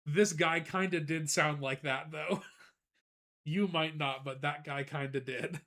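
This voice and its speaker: A man streaming live, chatting casually and telling a rambling, animated story with frequent laughs, greeting viewers as he goes. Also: fairly high pitch, a little slow. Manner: greets chat viewers between anecdotes.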